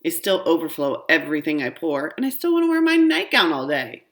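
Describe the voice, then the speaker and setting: A woman's voice: low voice, expressive, brisk. A woman reading a children's book aloud, narrating expressively in a young girl's first-person voice. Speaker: audiobook reader.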